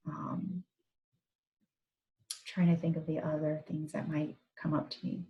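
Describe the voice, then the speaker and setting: A woman in her thirties, a psychologist gently guiding listeners through a reflective exercise in an online talk. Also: low-pitched, fairly even intonation, measured pace, low-quality recording. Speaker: psychologist giving a parent talk.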